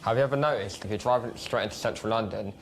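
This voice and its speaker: A man's voice: on the low side, a little hiss or hum. A young man, an expectant father, talking and bantering jokily in a documentary interview. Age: young adult. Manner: joking, quick banter. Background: background music.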